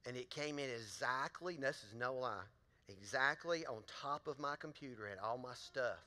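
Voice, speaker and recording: At a moderate pace, a man preaches in a mid-range voice that sounds pushed and bright. The pastor's sermon is built on folksy stories and questions to the congregation, recorded with long reverb in a large church auditorium.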